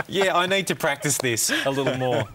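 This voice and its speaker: A man's voice: mid-range voice, lively intonation, brisk, heavy background noise. A middle-aged man, chatting in an interview in a rambling, self-deprecating way, with lots of fillers. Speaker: comedian guest. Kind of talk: casual interview chat.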